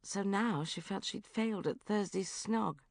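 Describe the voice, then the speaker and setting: A woman narrating a first-person comic diary audiobook in a lively, self-mocking, exclamatory way. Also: medium pitch, a little slow, vocal fry, no echo, clean studio sound.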